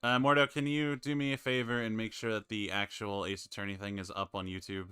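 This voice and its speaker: A man's voice: on the low side, level tone, brisk, sharp tone, smooth, no room sound, clean studio sound. A man hosting a casual stream call with friends, muttering to himself while he fiddles with the stream setup. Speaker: stream host.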